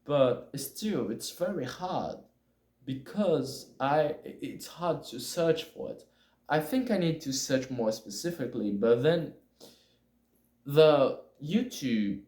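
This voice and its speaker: A man learning English, talking in a hesitant, halting way and often correcting himself as he chats casually on camera. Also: mid-range voice, a little mellow. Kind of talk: casual spoken monologue. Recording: echoey room.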